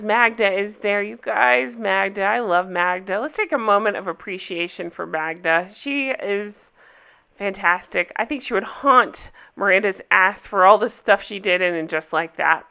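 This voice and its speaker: A woman hosting a casual recap, chatting in a gossipy, opinionated way with quick asides. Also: mid-range voice, creaky, pushed and bright, clean tone. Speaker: recap host.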